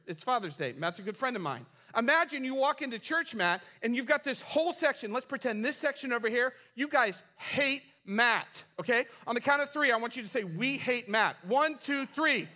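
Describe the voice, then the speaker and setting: Male pastor, high bright voice, casual and funny while preaching. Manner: animated, casual, humorous storytelling. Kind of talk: sermon. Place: church.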